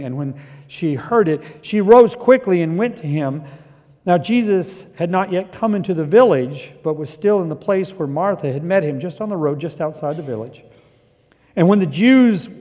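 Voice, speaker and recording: A middle-aged pastor with a high voice preaches in a sanctuary with a long reverb. He reads scripture quietly, then climbs into loud, fervent preaching. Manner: builds from quiet reflection to loud impassioned preaching. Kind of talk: sermon.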